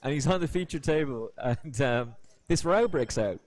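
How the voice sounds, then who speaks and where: Chatty poker commentator. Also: male voice, medium pitch, expressive, darkish tone. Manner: chatty storyteller, quick asides. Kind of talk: live poker commentary and chat.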